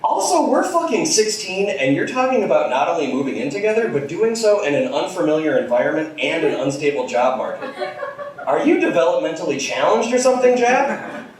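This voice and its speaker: Man putting on a scornful teen girl, high and quick, heard far off in a roomy hall. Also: big pitch swings. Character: sassy teenage girl, blunt and sharp. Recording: distant, echoey live theater recording.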